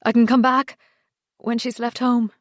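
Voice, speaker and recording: A woman's voice: a little high, flat delivery, a little slow, no room sound, clean studio sound, voice pushed up, close to an everyday voice. A woman narrator voicing a torn, anguished man who pleads, in her own voice raised with emotion. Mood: pleading.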